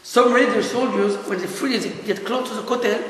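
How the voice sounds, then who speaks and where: A male rabbi teaching a lively class, animated and laughing often as he questions his listeners. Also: high voice, fairly quick. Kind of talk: lively Torah lesson. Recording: echoey hall.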